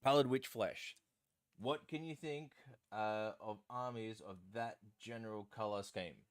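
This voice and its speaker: A man's voice: fairly low pitch, unhurried, clean tone. A man hosting a live stream, chatting in a rambling, self-deprecating way while he paints.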